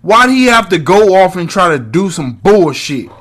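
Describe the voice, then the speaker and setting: A man co-hosting a loose, profane podcast chat, his voice lifting and dropping as he recaps scenes. He sits a touch high in pitch and acts out bits of dialogue on the fly. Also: normal speed. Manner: animated, profane, acts out lines. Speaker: podcast co-host.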